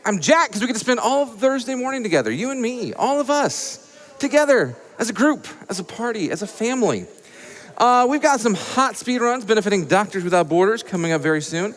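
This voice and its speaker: A man from Atlanta hosting a live charity gaming event, reading donations with playful, high-energy hype and jokes. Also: sing-song, a little fast, fairly bright tone. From Atlanta, USA. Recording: echoey event hall.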